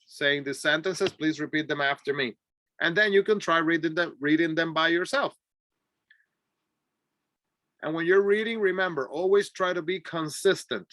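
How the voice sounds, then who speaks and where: A man who speaks Spanish as his first language, teaching an English class with clear, deliberate repeat-after-me drills and an encouraging manner. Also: on the high side, pushed and bright, dry recording, clean studio sound. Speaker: ESL teacher.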